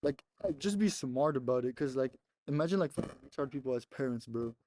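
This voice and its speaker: A man's voice: medium pitch, lively intonation, fast talker, warm tone, no room sound. A young man casually telling a rambling story on a podcast, laughing often and swearing between many "like" fillers. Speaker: podcast co-host.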